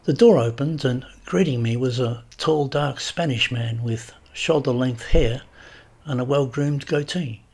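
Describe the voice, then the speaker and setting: A man reading a comic short story aloud with wry, deadpan narration. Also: medium pitch, measured pace, slightly rough.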